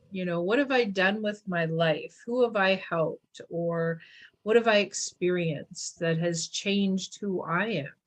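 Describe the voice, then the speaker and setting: A woman hosting a podcast, talking casually about gratitude and acting out quoted voices with big swings in pitch. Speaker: podcast host. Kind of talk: casual spiritual chat.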